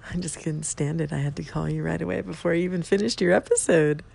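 A woman leaving an excited voicemail for a podcast host, gushing and often dropping to a whisper. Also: low-pitched, fast talker, vocal fry, slight background noise. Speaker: caller.

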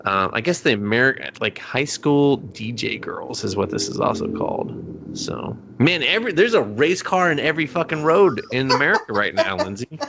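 Rambling, profane young man with a lively voice. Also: moderate pace, background noise. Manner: rambling, profane, laughs often, acts out characters in a high voice. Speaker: podcast co-host. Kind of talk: casual chat, recapping an anime episode.

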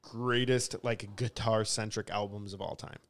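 A man's voice: fairly low pitch, steady tone, a little slow. A man co-hosting a music podcast, chatting loosely with lots of fillers and swearing. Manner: rambling, swearing, many fillers. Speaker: podcast co-host. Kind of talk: casual chat.

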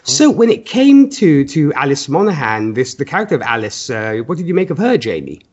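Measured, fairly high-voiced podcast host. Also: male voice, huge pitch swings, a little mellow, husky, dull audio. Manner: measured, hedging, leads the discussion. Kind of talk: casual chat.

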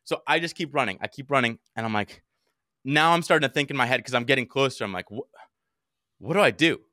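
Fast-talking, bright-voiced young man. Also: mid-range voice, no echo, studio quality. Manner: animated, heavy swearing, acts out his own shouts. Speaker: podcast co-host. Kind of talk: casual storytelling chat.

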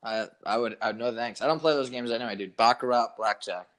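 Male podcast co-host, casual, quick blunt reactions, mid-range voice. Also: medium pitch, a bit bright, a little hiss or hum. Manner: short reactive interjections, dismissive. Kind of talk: casual chat.

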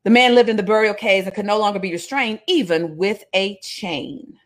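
A woman preaches, reading scripture aloud and breaking off into casual, humorous retellings. Her voice sits at an average pitch. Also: moderate pace. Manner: animated storytelling, jokes and voices, casual asides. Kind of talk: sermon, reading scripture with commentary.

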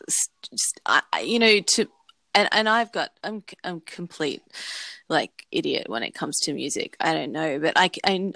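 Woman co-host, low-ish voice, unhurried, rambling casual chat. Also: fairly bright tone, no room sound. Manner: rambling, searching for words. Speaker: podcast co-host.

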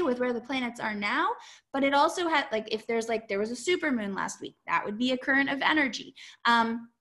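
A woman guest in an interview, explaining her ideas with animated delivery and frequent laughs. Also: a little high. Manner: animated, laughs often, acts out quotes. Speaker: astrologer guest.

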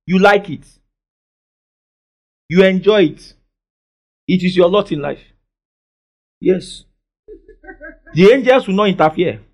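A man preaching a sermon, calling for responses from the congregation and swinging between soft asides and loud declarations. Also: sits high, slow pace, long pauses, muffled recording. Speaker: pastor.

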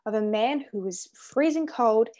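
Woman, higher pitch, soft dark tone, eager talker sharing a quote. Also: animated, a little slow. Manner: enthusiastic, repeats words, reads a quote aloud. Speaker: Christian ministry guest or host. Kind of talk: casual conversation on faith.

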